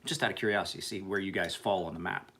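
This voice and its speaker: A man's voice: sits low, fairly even intonation, fast talker, a bit bright, a little hiss or hum. A man who sharpens and refinishes knives, chatting casually and profanely with viewers on a livestream. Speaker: knife sharpener.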